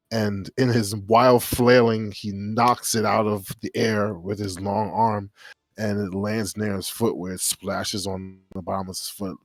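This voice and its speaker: Low-voiced, laid-back gamer describing his turn. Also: dry recording, clean studio sound. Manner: low-key, rambling description of his actions. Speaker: player. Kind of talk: casual tabletop game chat.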